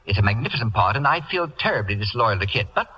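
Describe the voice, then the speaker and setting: An actor playing a pompous, sarcastic celebrity critic in a 1940s radio play, talking in an imperious, theatrical way. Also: male voice, lowish voice, very animated, fast talker, lo-fi sound. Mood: scheming. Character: pompous, acid-tongued middle-aged male celebrity critic.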